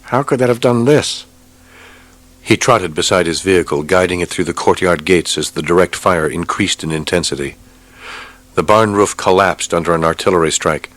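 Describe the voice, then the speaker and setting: Deep-voiced male audiobook narrator. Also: steady tone, a little fast, a bit bright. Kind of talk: scripted narration.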